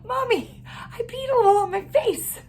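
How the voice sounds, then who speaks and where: A small, earnest six-year-old girl squeaks way up high, pleading and sincere, as her mother acts her out. The child's voice sits far above the speaker's own and rises even higher when she gets worked up. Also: normal speed, slight background noise. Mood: upset.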